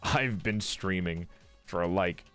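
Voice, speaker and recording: A man's voice: sits low, takes it slowly, fairly bright tone, faint music behind. A male live streamer in casual chat who laughs, swears, greets his viewers and keeps repeating one line to practice an accent.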